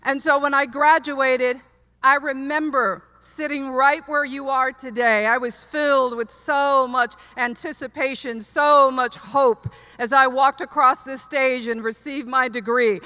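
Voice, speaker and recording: A woman's voice: high-pitched, steady tone, a little slow, sharp tone. A middle-aged woman giving a commencement speech, telling her story earnestly and repeating lines for emphasis. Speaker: commencement speaker. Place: large hall, live audience. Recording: long hall reverb.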